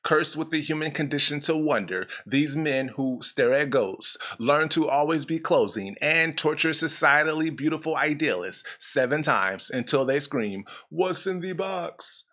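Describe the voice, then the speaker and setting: A man hosting a comedy show, delivering an absurd, deadpan monologue with self-mocking asides. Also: a little high, normal speed, hardly any pauses.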